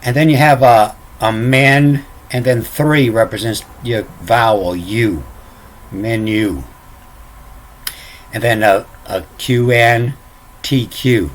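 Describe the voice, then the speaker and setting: A man talks slowly through an unscripted explanation, often stalling and repeating himself before he spells out letters one by one. His pitch is ordinary for a man. A faint hum runs under the voice. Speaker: self-taught lecturer.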